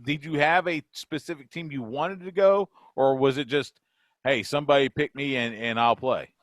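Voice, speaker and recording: A man hosting a podcast, asking relaxed questions in casual interview chat. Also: mid-range voice, moderate pace, no echo. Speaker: podcast host.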